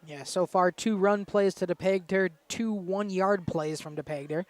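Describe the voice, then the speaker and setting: A man giving casual color commentary on a high school football game, breaking down each play after the call. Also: moderate pace. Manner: relaxed analytical, follows the play-by-play.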